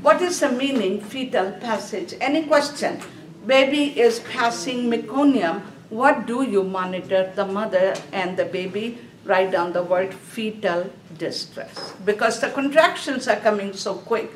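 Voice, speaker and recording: This nursing instructor speaks at a measured pace in a mid-range voice, lecturing her class by raising questions, answering them, and repeating important terms. There's slight background noise, plus echo from a distant mic.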